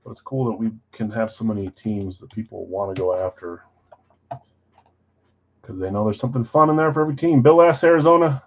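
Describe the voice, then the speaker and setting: A man's voice: fairly low pitch, fairly quick, muffled recording. A man hosting a live card break stream, reading off names and teams with chatty asides.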